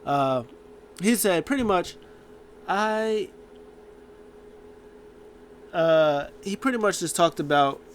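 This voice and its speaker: A man's voice: fairly high pitch, animated, moderate pace, a little hiss or hum. A man hosting a casual show, rambling through a recap with lots of fillers and acted-out quotes. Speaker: show host.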